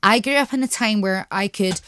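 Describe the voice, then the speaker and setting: A woman's voice: mid-range voice, brisk, fairly bright tone, a little hiss or hum. A Scottish woman speaking as a guest on a casual podcast, chatty and swearing, filling her talk with "like". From Scotland. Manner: chatty, heavy use of "like", swears.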